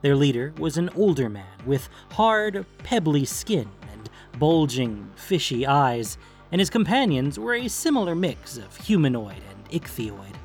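A male audiobook narrator tells a fantasy story with lively, animated intonation. Soft music runs underneath the reading. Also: a little high, measured pace. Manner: expressive storytelling. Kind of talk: scripted narration.

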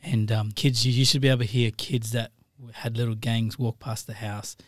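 A man's voice: medium pitch, level tone, moderate pace, dry recording, clean studio sound. A man co-hosting a casual podcast in a laid-back, jokey way. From Cairns, North Queensland, Australia. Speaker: podcast co-host. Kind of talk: casual chat.

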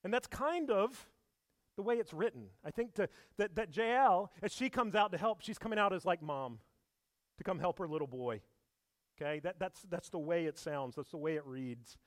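Preacher guy, kinda high voice, lively storytelling with lots of questions, dry close sound. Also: moderate pace, no echo. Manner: animated storytelling with rhetorical questions. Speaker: pastor. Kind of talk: sermon.

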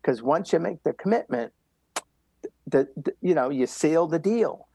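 A man's voice: on the high side, expressive, moderate pace, vocal fry, warm tone, husky, no echo. An older man telling motivational running stories in an interview, emphatic and repetitive. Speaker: guest runner. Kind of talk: storytelling interview.

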